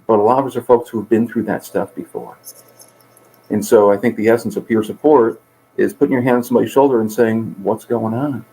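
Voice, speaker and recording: A middle-aged man, a peer support coordinator appearing as a guest, talks earnestly in a conversational interview, telling stories and voicing the characters in them. His voice is fairly low and darkish, and the recording is rough.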